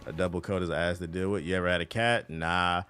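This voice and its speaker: A man's voice: low voice, brisk, faint music behind. A man streaming a game, chatting casually and profanely with his chat while he plays. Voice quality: profane, loose and animated.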